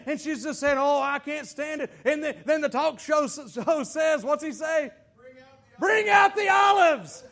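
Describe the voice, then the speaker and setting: A man preaching a sermon to a congregation in a folksy, animated way, joking asides and quoted scripture. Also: extremely high pitch. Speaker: pastor.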